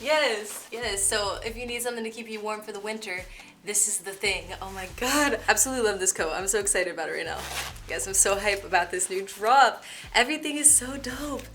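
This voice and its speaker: A young woman hosts a casual clothing haul vlog, gushing over each item with excitable, slangy chatter. Her voice sits at an ordinary middle pitch for a woman. Faint music plays behind her. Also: brisk. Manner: gushing, excitable, slangy, keeps saying "bro". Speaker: fitness YouTuber.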